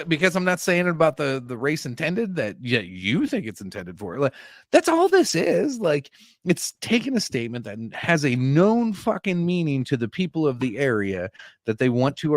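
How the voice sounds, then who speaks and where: In clean studio sound with no room echo, a man with a medium-pitched voice speaks at normal speed. He's co-hosting a casual podcast and launches into an animated rant laced with swearing.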